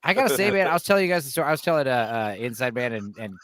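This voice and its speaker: A man chatting as a guest on a film review show, joking and telling animated stories. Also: mid-range voice, racing. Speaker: guest panelist. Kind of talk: casual chat, storytelling.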